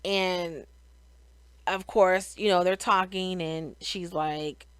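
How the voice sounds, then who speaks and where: Middle-aged woman hosting a recap, slow unhurried delivery and a smooth, clean voice; chatty and opinionated, dry close sound. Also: lowish voice, fairly even intonation, a bit bright, no room sound. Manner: chatty, opinionated, frequent sighs and restarts. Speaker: reality show recap host. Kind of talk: casual recap commentary.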